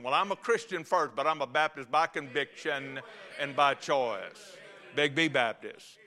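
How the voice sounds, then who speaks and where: A man's voice: mid-range voice, normal speed, pushed and bright. A man preaching a sermon as a Baptist pastor to his congregation, fiery and folksy with joking asides. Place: church before a congregation.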